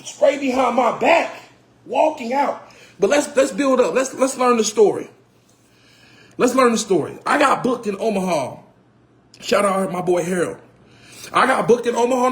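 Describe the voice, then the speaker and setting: A man telling a personal story casually, animated and repetitive, swearing and getting heated. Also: high voice. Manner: animated, repeats phrases, swears, grows heated and shouts. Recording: roomy echo.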